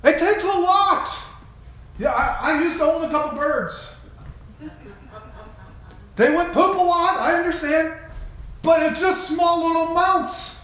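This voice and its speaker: High-voiced preacher in a booming echo. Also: male voice, measured pace, pauses often. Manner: animated storytelling, asks the listeners questions. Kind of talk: sermon. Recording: very echoey room.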